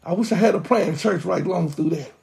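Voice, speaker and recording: A pastor preaching a sermon with impassioned, drawn-out emphasis. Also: mid-range voice, gravelly, darkish tone.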